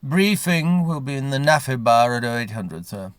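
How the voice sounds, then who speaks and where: A man voicing a barking uniformed guardsman with a loud, clipped delivery. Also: mid-range voice, lively intonation, normal speed, smooth, dry recording, pitched above the performer's own voice, close to an everyday voice. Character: barking uniformed male guardsman, old soldier.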